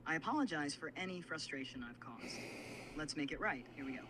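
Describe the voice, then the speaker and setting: A man's voice: on the high side, a little fast, background noise. A text-to-speech male AI assistant voice, apologetic and formal in its replies. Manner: apologetic, even-toned and formal.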